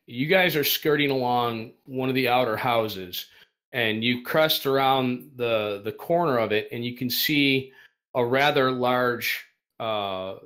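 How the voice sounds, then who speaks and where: Male game master, mid-pitched, halting and filler-heavy delivery. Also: a bit bright. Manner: halting, many fillers and restarts. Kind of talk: running a tabletop game over voice chat.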